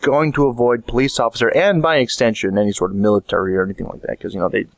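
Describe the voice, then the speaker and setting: A man's voice: medium pitch, steady tone, quick pace, gravelly, no echo. A man giving a casual comedic vlog monologue, rambling and joking with frequent restarts. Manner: rambling, jokey storytelling with many restarts. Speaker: vlogger.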